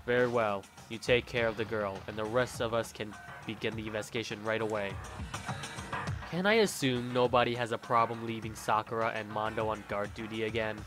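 Aloof brooding young man, low flat haughty delivery, quiet, as a man puts him on. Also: fairly quick, over music, close to an everyday voice. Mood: cold. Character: cold aloof young man, emo type.

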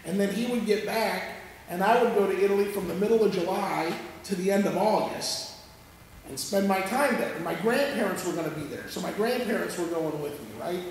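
A pastor telling a story in his sermon, animated and conversational, often checking that listeners follow. His voice sits high and carries a gravelly edge. It rings through a large echoey sanctuary and is picked up from well away from the mic. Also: fairly quick, slight background noise. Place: church sanctuary. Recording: echoey church hall from far off.

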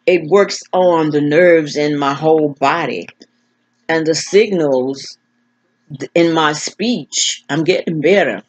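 An older woman vlogger speaks frankly and plainly to her camera in casual personal talk, her deep voice moving slowly. Her speech is effortful, stumbling and repeating as she hunts for words, and the recording is dull and lo-fi.

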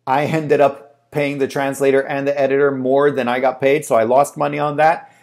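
A man's voice: mid-range voice, level tone, moderate pace. A man who works as a translator, talking casually to camera and telling a story in a chatty way with plenty of fillers. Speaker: translator and agency owner.

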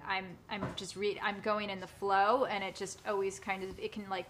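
A woman's voice: medium pitch, little pitch movement, normal speed, fairly bright tone, a little hiss or hum. A woman hosting a live stream, chatting casually in a bubbly way, laughing often and trailing off mid-sentence. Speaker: livestream host and actress.

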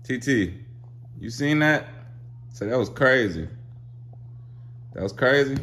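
A man's voice: mid-range voice, expressive, takes it slowly, fairly bright tone. A young man hosting a casual home vlog, playfully coaxing kids and dogs and laughing often. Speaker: vlogger. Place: home kitchen. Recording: noisy home recording.

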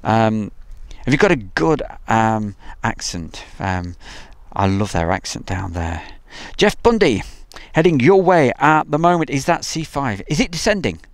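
A man hosting an outdoor live stream by an airfield, chatting casually and reading out viewer comments, joking and pausing with frequent ums. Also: mid-range voice, big pitch swings, no echo. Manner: chatty, jokey, halting with many ums.

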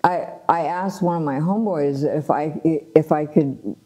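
A middle-aged woman from Los Angeles, a guest telling her life story in a casual, animated way, with frequent laughs, fillers and restarts. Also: low voice, a little slow, slightly rough. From Los Angeles, USA. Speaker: guest sharing her testimony.

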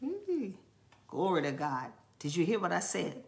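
A woman's voice: on the low side, huge pitch swings, measured pace, vocal fry, darkish tone, a little hiss or hum. A woman preaching a charismatic sermon, fervent and repetitive, breaking into tongues.

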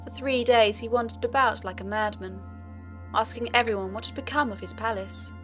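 A woman narrating a fairy tale audiobook in a steady storytelling manner. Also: a little high, moderate pace, soft background music.

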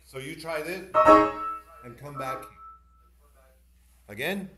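A man with a fairly high voice coaches a piano student in an online masterclass. He talks animatedly, demonstrates passages and gives encouraging corrections. The room is echoey, and piano playing sounds behind him. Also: slow. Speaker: piano teacher.

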